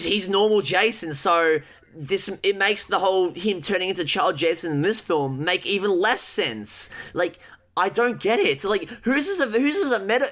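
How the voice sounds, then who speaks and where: A man's voice: fairly high pitch, fairly bright tone. A man co-hosting a podcast, ranting in casual chat with heavy swearing and exasperation. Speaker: podcast co-host. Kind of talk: casual chat reviewing a film.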